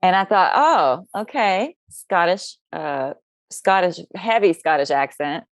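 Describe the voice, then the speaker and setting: A woman with a low voice talks in a loose, rambling way on a podcast, often breaking off and restarting her sentences. She is from the United States. The recording is dry and close, with no room sound. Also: a little slow, dry recording. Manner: rambling and chatty with many restarts. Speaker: podcast guest. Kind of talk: casual podcast chat.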